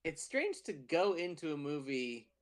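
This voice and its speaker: A man's voice: a little high, a little slow, noisy background. A man co-hosting a podcast, telling stories animatedly, swearing freely and acting out scenes. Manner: animated storyteller, profane, acts out scenes. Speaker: podcast co-host. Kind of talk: casual chat.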